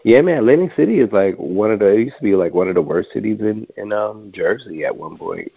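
A man with a low voice chats casually and tells lively stories, slipping into quick impressions of other people. The sound is dry and thin, like a phone line. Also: creaky, slightly rough, dry recording. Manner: animated storyteller, acts out quoted people, swears freely. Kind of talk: casual chat.

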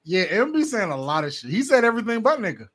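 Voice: medium pitch, very animated, fast talker, fairly bright tone. A podcast co-host talking bluntly and casually, swearing freely.

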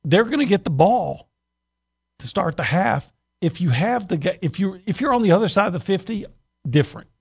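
A man's voice: high-pitched, animated, normal speed, gravelly, slightly rough. A man giving blunt, opinionated sports analysis on a radio show, often stopping and restarting mid-sentence. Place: radio studio.

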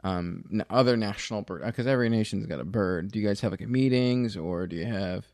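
A man with a fairly low voice plays the straight interviewer in an improvised comedy sketch. He asks earnest, rambling questions full of restarts, and his voice sounds dry and close to the mic. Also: fairly quick, a little mellow, no room sound.

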